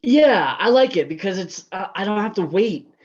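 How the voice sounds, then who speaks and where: A man on a podcast panel, talking in a relaxed, rambling way with fillers. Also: high-pitched, moderate pace, dull audio. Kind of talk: casual chat.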